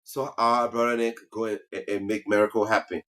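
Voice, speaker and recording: Bright, teasing man. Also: fairly low pitch, fairly quick. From Liberia. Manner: animated, teasing, laughs at own jokes. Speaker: comedy talk show host. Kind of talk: casual comic monologue.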